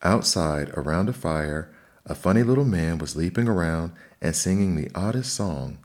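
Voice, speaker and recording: Man doing a storybook king, deep low voice, conversational. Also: animated, moderate pace, darkish tone. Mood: chatty. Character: chatty king telling a hunting tale.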